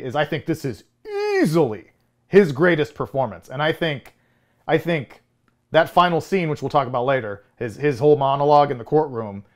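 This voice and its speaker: A man in his thirties co-hosting a film podcast in casual chat, rambling with frequent restarts and chuckles. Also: a little high. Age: 30s. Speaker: podcast co-host.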